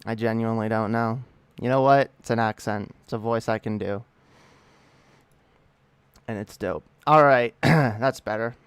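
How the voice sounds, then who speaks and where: A man's voice: on the low side, unhurried, pauses often, clean tone, no echo. A man hosting a casual livestream, greeting his chat in a laid-back, profane way. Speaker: livestream host.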